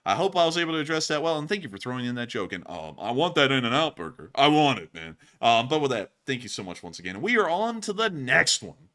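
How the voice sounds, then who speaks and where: A man with a bright, forceful voice hosts a nightly livestream in loose, casual chat. He rambles through thank-yous and often breaks into laughter. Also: mid-range voice, very animated, fast, hardly any pauses. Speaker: livestream news host.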